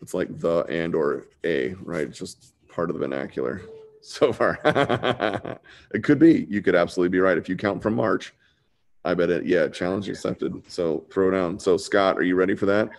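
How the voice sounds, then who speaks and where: Speaking at a normal speed in a low, steady voice with vocal fry, a man leads a laid-back live online drawing lesson. He keeps it chatty and buddy-like, saying "dude" frequently.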